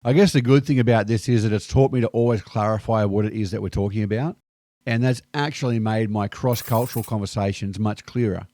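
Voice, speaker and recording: A man with an Australian accent telling stories to camera in a lively, slang-filled monologue. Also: lowish voice, fairly quick, no echo, clean studio sound. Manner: lively anecdotal delivery sprinkled with slang. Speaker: video host. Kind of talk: scripted storytelling monologue.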